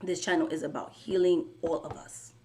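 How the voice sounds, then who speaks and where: A woman's voice: deep voice, steady tone, normal speed, dark tone. A young woman tarot reader talking to camera in a casual vlog, indignant and emphatic, pressing her points with pointed rhetorical questions.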